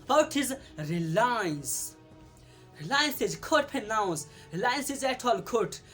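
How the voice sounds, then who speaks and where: A woman teaching English pronunciation in a casual video lesson, halting, repeating each word many times, with frequent fillers. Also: on the high side, sing-song, fairly bright tone, soft background music.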